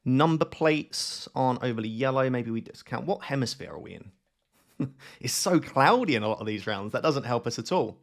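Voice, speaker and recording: A man talking through a game as he plays, reasoning out loud and asking himself questions. His voice sits at an ordinary middle pitch for a man, in a casual, conversational delivery. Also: lively intonation, normal speed, gravelly. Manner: thinks aloud, questions himself. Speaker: gaming channel host. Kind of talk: live gameplay commentary.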